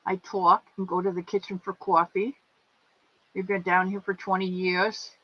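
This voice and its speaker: A woman's voice: mid-range voice, flat delivery, normal speed. A woman hosting a casual livestream, greeting viewers by name with affectionate pet names as she reads their comments. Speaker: livestream host. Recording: dull lo-fi stream audio.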